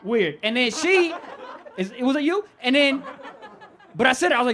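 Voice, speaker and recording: A man's voice: very high voice, sing-song, a little fast, fairly bright tone. A young man doing live stand-up comedy, brash and profane, laughing and riffing on the crowd.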